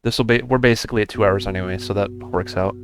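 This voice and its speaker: A man's voice: on the low side, steady tone, fast, over music. A man casually chatting with his live stream audience in an easygoing, encouraging way. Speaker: game streamer.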